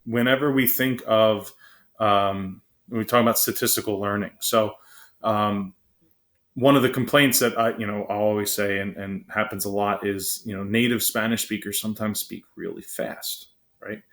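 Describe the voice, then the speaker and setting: A man giving a casual classroom lecture, quick and conversational, often checking in with "right?" and filling pauses with "um". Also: lowish voice, steady tone, a bit bright. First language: English.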